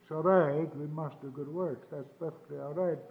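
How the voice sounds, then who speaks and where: High-voiced preacher on a tinny old tape. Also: male voice, steady tone, normal speed, gravelly, roomy sound. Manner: emphatic, repeats phrases, rising to fervent peaks. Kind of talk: sermon.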